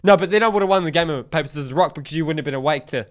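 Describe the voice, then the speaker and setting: A man as a co-commentator, trading quick, joking banter in casual rugby commentary. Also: on the high side.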